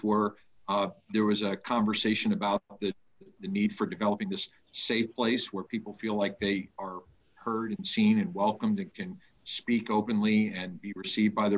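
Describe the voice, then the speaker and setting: A man's voice: fairly low pitch, flat delivery, normal speed. A man summarizing his breakout group over a video call, thoughtful and hesitant with fillers. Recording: dull lo-fi call audio.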